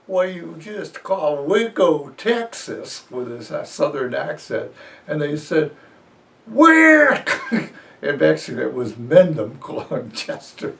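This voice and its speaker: Gravelly older man, off-mic. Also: mid-range voice, darkish tone, recorded from a distance. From New Jersey, USA. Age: 80s. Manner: rambling storyteller, fillers and chuckles. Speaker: interviewee. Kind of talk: reminiscing interview.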